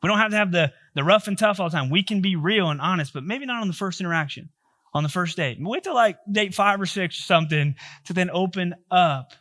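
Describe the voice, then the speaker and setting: A man's voice: sits high, animated, fairly quick, pushed and bright. A male pastor giving a sermon, telling a story in a joking, conversational way.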